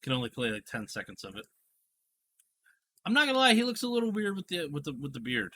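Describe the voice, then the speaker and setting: A man's voice: a little high, big pitch swings, quick pace, pushed and bright. A man hosting a casual podcast chat, retelling a TV scene in a rambling, storytelling way. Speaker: podcast host.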